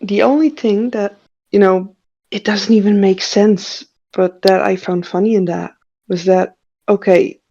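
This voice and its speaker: A woman's voice: medium pitch, steady tone, unhurried, dark tone, muffled recording. A woman on a fan podcast panel, talking in a casual, conversational way.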